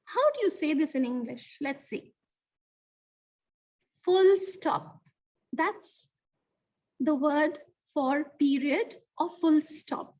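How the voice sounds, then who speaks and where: A woman teaching an online lesson to young children, in an animated, sing-song teacher voice that slows to stress key words. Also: high-pitched. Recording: distant, dull lo-fi sound.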